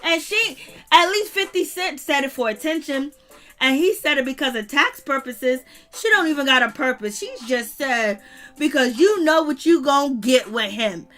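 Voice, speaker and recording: A woman hosting her channel, giving slangy, animated reality TV gossip commentary and laughing often. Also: sits high, moderate pace, soft background music. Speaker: channel host.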